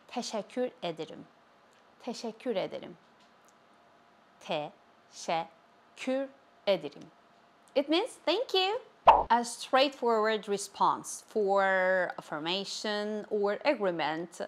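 A woman giving a language lesson, saying each phrase slowly and repeating it with care. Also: medium pitch, a little hiss or hum. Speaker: language teacher. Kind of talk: slow, clear language lesson.

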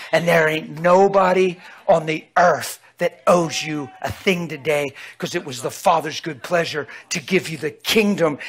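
A preacher with a high, bright voice delivers a lively sermon in a folksy, emphatic way. He keeps checking in with his listeners, pressing each point home. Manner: emphatic, calls out to the audience, folksy.

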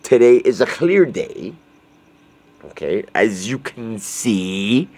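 A man's voice: lowish voice, sing-song, slow, darkish tone, slightly rough. A young man, just woken up, rambling crudely and jokily in a casual vlog monologue, swearing often.

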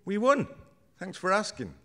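A man voicing an earnest young woman from a choir, with a bright, questioning, raised voice. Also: high voice, very animated, moderate pace, voice pushed up, heavily acted.

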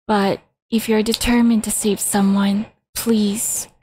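A woman voicing a dying young girl who pleads weakly and slowly, close to a whisper. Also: mid-range voice, flat delivery, dark tone, slight background noise, natural voice. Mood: weak, pleading.

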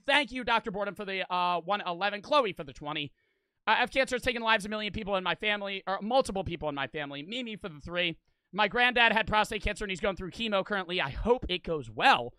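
A male streamer chatting casually and profanely with his viewers. His voice is high, bright and clear. The sound is dry and close, with no room echo. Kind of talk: livestream chat, reading donations.

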